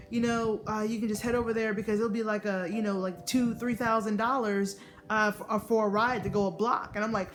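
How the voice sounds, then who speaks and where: A young adult woman from the United States telling a casual vlog story, swearing freely and acting out what people said in raised voices. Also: mid-range voice. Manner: animated, profane, acts out quotes in raised voices. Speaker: vlogger.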